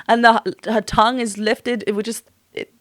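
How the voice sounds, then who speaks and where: A woman's voice: fairly high pitch, little pitch movement, moderate pace, a bit bright, no room sound. Effusive woman vocal coach, dry sound. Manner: effusive, gushing praise with frequent laughs; breaks off to sing short demo notes. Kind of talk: reaction and analysis commentary.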